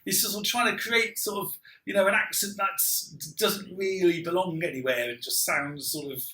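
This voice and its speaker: A man co-hosting a casual film review chat, rambling with lots of restarts and quick laughs. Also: high-pitched, fairly even intonation, pushed and bright, reverberant. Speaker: podcast co-host.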